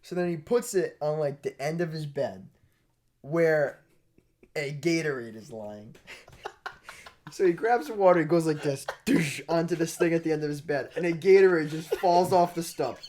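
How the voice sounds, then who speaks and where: A young man co-hosting a podcast, telling a story in a casual, animated way and laughing as he goes. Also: fairly high pitch, moderate pace, a little hiss or hum. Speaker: podcast co-host.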